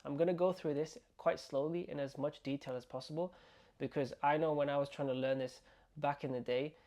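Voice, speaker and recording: Guy teaching an online lesson, low mellow tone, repeats each sound slow. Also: steady tone. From United Kingdom. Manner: slow, repeating words and sounds to drill pronunciation. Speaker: Arabic teacher.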